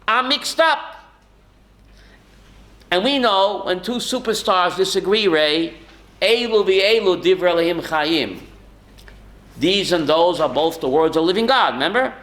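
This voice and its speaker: A man's voice: sits high, expressive, moderate pace, fairly bright tone, low-quality recording. A man, a rabbi, teaching a Torah class to students, calling on them by name and quoting Hebrew sources.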